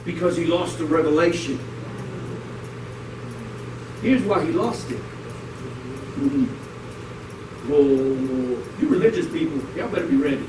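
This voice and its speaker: New york accent preacher man, high lively voice, echoey church, far from mic. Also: normal speed, long pauses. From Puerto Rico. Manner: lively, joking, slangy preaching. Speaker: pastor. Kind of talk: sermon. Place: church sanctuary. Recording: roomy hall, distant mic, noisy.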